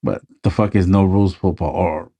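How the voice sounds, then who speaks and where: Man, podcast co-host, casual chat, low-pitched, warm dark tone, laid-back, swears a lot. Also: steady tone, normal speed. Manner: laid-back, swears freely, acts out quotes.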